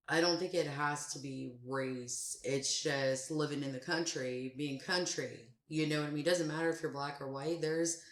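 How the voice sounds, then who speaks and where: A woman's voice: deep voice, reverberant. A woman giving blunt, casual reaction commentary on a song, swearing freely and getting heated. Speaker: music reaction host.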